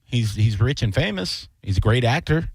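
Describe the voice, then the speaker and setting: A man's voice: medium pitch, sing-song, normal speed, slightly rough, no room sound. A man hosting a radio show in the studio, joking and teasing his co-host in casual banter.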